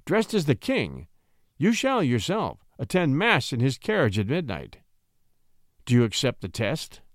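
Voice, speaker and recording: Measured, scheming duke with a lower, weighty delivery, read by a man for a storybook. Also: huge pitch swings, dry recording, clean studio sound. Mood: stern. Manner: measured, commanding. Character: stern, scheming older male duke.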